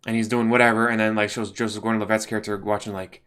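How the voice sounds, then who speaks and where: A man's voice: on the low side, fairly even intonation, rapid-fire, fairly bright tone. A man hosting a casual movie commentary, ranting bluntly, swearing and filling his talk with "like". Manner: blunt, ranting, profane, lots of fillers. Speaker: channel host.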